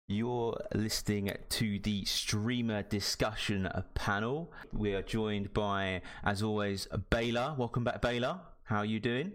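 A man's voice: fairly low pitch, steady tone, unhurried, hardly any pauses. A man with a British accent hosting a casual live-streamed podcast, upbeat and chatty, often repeating his greetings. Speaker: podcast host.

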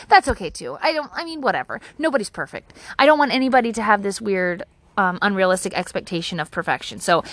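A woman's voice: medium pitch, fairly bright tone, no echo. A woman talking straight to camera outdoors at her home, giving casual advice in a candid, rambling way and swearing freely. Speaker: vlogger.

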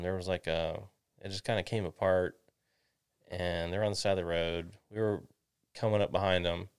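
A man, a realtor guest, telling casual animated stories and swearing freely. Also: low-pitched, clear, resonant tone. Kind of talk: casual storytelling chat.

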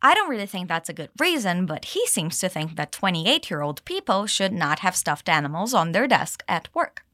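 A woman teaching English, explaining dialogue lines and modeling them slowly for learners to repeat. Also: fairly low pitch, very animated, pushed and bright, dry recording, studio quality. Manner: clear, slow modeling of phrases with exaggerated intonation. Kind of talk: English lesson with repeat-after-me drills.

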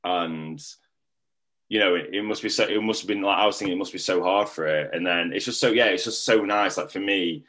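A man's voice: sits low, brisk, fairly bright tone. A young man telling a personal story in a rambling, casual way, full of filler words.

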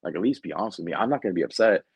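Deep-voiced recruiter telling a blunt story. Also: male voice, lively intonation, very fast, slightly rough, no room sound, highs cut off. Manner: slangy and blunt, many fillers. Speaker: Marine recruiter. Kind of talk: casual podcast storytelling. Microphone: podcast mic.

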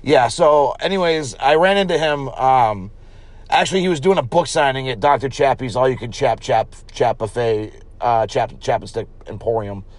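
A man co-hosting a comedy podcast, rambling and profane with a deadpan spin on silly fake products. His pitch sits right in the middle for a man. He talks loosely, trailing off and starting over. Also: moderate pace, no room sound. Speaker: podcast co-host. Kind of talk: improvised comedy podcast with mock ads.

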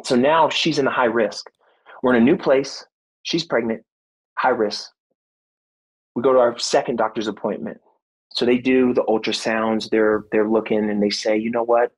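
Earnest husky-voiced man telling a story. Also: medium pitch, moderate pace, rough recording. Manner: earnest, animated storytelling with acted-out quotes; faith-centered, reflective. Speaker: guest, former football player and motivational speaker. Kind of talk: storytelling in a podcast interview.

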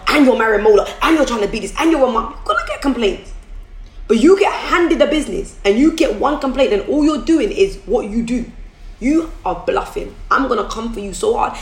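A businesswoman on a phone livestream, giving an emphatic, repetitive motivational talk. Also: fairly high pitch. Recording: echoey room, faint music behind.

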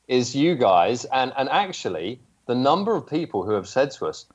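An English man talks easily on a podcast, trading dry, self-deprecating quips. His voice sits at an ordinary pitch and comes through a dull, muffled line. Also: sing-song, moderate pace. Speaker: podcast guest co-host. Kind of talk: casual chat.

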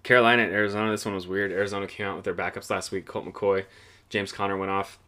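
Profane rambling young man, slightly low voice. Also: level tone, quick pace, pushed and bright. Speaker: podcast host. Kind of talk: casual solo football podcast recap.

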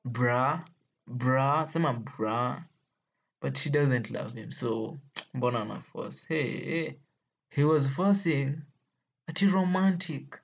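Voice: mid-range voice, unhurried, gravelly, breathy edge, lo-fi sound. A vlogger with a Kenyan accent telling stories to viewers in a playful, exclaiming way, laughing often. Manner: playful, exclaiming, laughing often, mixing English with Swahili slang. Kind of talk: casual storytelling to viewers.

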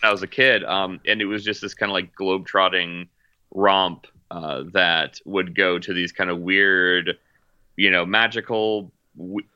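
A man's voice: low-pitched, fairly even intonation, a little slow, pushed and bright, clear, resonant tone, no room sound, muffled recording. A man chatting casually about movies, rambling with lots of fillers and restarts. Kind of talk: casual chat.

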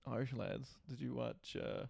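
A man's voice: medium pitch, wildly swooping pitch, a little slow, creaky, a little mellow, dry recording. A man co-hosting a podcast, chatting casually, swearing freely and laughing often. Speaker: podcast co-host. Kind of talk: casual chat.

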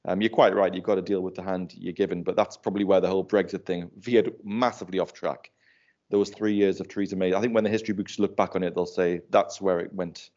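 A man's voice: sits low, fairly even intonation, quick pace, darkish tone. A man in a casual panel chat, talking loosely and laughing while he tells anecdotes. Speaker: panel guest. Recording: dull lo-fi sound.

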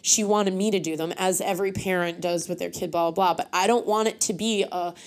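A woman's voice: fairly low pitch, fairly even intonation, a little fast. A young woman from North Carolina, a singer guesting on a podcast and talking frankly and with feeling, with a lot of "like" in her speech. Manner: frank and heartfelt, heavy with filler "like". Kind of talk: candid podcast conversation.

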